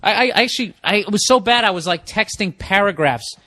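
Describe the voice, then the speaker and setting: A man's voice: high-pitched, lively intonation, brisk, bright, forceful tone. Rambling, profane man in his forties. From United States. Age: 40s. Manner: talks back to himself and his dog. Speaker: podcast host. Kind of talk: solo comedy podcast monologue.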